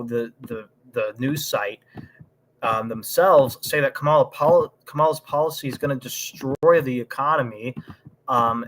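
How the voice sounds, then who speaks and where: A man's voice: mid-range voice, sharp tone, slight background noise. A man hosting a livestream, ranting heatedly in casual political chat, with frequent ums. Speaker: livestream host.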